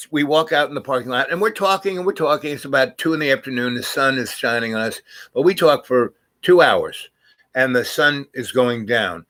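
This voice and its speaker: An older man spins a rambling personal story in relaxed conversation, his bright, forceful voice pushing through constant restarts and trailing phrases. He wanders off mid-thought and circles back without hurry. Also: medium pitch, low-quality recording. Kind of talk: casual rambling anecdote.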